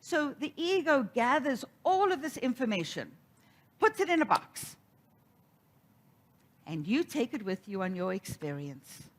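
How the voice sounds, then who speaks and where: Middle-aged woman preacher, animated storyteller with a lively, swooping delivery. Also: fairly high pitch, measured pace, pauses often. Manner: storytelling, animated, acts out quoted voices. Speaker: minister. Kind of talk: sermon.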